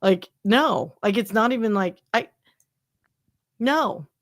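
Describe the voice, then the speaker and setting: A woman co-hosting a casual podcast, talking in a chatty, animated way with lots of fillers. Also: medium pitch, slow, no room sound, clean studio sound. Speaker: podcast co-host. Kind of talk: casual chat.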